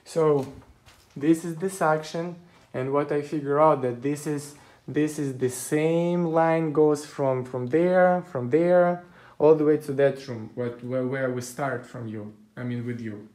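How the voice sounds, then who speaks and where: A man whose first language is not English, walking through an air duct cleaning job inside a house, speaking haltingly and searching for words with many restarts. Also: fairly high pitch, fairly even intonation, a little mellow. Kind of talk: walkthrough narration on the job.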